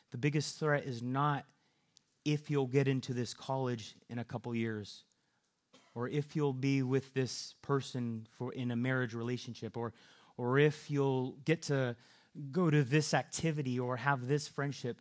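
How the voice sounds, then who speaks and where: A man's voice: mid-range voice, steady tone, moderate pace. A man preaching a sermon, earnest, often repeating and restarting words.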